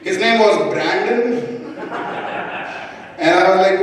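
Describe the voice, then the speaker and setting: A man's voice: high-pitched, crowd noise. Indian man, stand-up, echoey hall. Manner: halting delivery with frequent ums and restarts. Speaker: stand-up comedian. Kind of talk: live stand-up set. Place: comedy club stage. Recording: echoey hall, mic far off.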